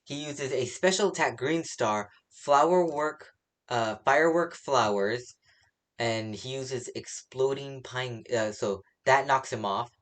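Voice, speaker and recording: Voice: medium pitch, takes it slowly. A comic fan recapping a new chapter in a loose, rambling way, full of fillers and restarts. They chuckle at their own mistakes and drift into personal opinions as they go. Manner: rambling, many fillers, laughs at own slips. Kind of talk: casual spoken recap and opinion.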